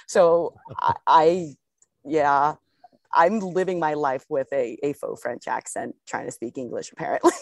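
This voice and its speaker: Low-voiced chatty woman. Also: slow, gravelly, pauses often, no room sound, clean studio sound. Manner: chatty, rambling, laughs easily. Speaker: podcast co-host and pro golfer. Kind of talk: casual podcast chat.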